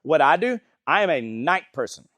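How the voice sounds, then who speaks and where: A man's voice: on the high side, big pitch swings, moderate pace, fairly bright tone, dry recording. A man teaching a small Bible study group in a casual, folksy way, often asking the group questions.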